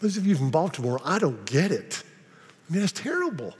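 A man preaching a sermon, often repeating words and slowing down dramatically on key phrases. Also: on the high side, sing-song. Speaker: pastor. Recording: long reverb of a large hall.

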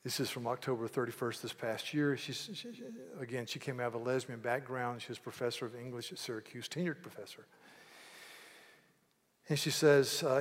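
A man preaching a sermon, earnest, with loud, emphatic passages when he reads quotes aloud. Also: mid-range voice, fairly even intonation, fairly quick, long reverb tail. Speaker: pastor.

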